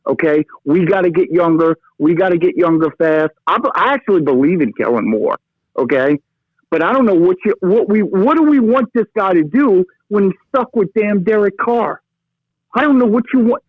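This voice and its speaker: Ranting New caller on a tinny phone line. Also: male voice, high-pitched, animated, moderate pace, no echo. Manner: fired-up, ranting, peppers lines with "okay?" and "brother". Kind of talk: phone-in sports rant.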